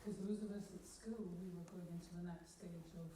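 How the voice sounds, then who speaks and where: A woman's voice: fairly low pitch, fairly even intonation, brisk, warm tone, slight background noise. A woman in her fifties in a cinema audience, asking an earnest question with many hesitations. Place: cinema auditorium Q&A. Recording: distant, very echoey hall.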